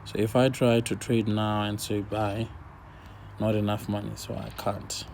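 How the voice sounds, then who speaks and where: A man with a gravelly, darker voice talks through his trades in an easy, unhurried way, half to himself as he watches the charts. A faint hiss sits under the recording. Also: fairly low pitch, little pitch movement, darkish tone. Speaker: forex trader. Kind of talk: casual screen-share trading commentary.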